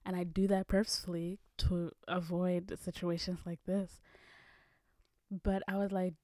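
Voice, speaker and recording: A young woman vlogger from Kenya telling a story in a casual, animated way, often dropping into breathy whispers. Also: lowish voice, moderate pace, no echo, clean studio sound.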